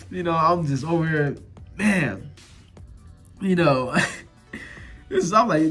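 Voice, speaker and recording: A young man telling a personal story to his viewers in a casual, animated, slang-filled way, repeating himself for emphasis. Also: high-pitched, measured pace, long pauses, soft background music. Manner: animated, repetitive, slangy, addresses viewers directly.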